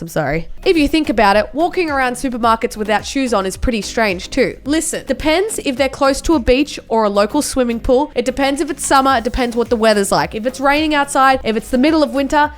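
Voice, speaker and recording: A young Australian woman doing a comedic vlog, mock-defensive, swinging between loud outbursts and mumbled asides. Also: fairly high pitch, big pitch swings, brisk, hardly any pauses, soft background music. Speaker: YouTuber.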